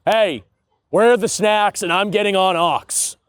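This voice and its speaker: A man voicing America as a loud, entitled party guest demanding snacks and the game, in a comedic aside. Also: high voice, measured pace, dry recording, pitched above the performer's own voice. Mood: brash. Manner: brash and entitled.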